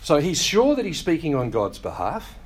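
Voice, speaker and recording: A male pastor preaching a sermon, teaching in a conversational way with wry asides and quick acted-out quotes of other people. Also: fairly high pitch, wildly swooping pitch, slightly rough.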